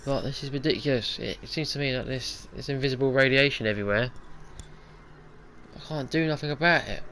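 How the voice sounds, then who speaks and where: A man talks through a video game run as he plays, coaching himself aloud and grumbling at each failure. His pitch sits in an ordinary middle range for a man, and a faint hum of background noise runs under his voice. When things go wrong he flares up into sharp, loud outbursts. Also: fairly quick. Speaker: gaming channel host. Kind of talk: live gameplay commentary.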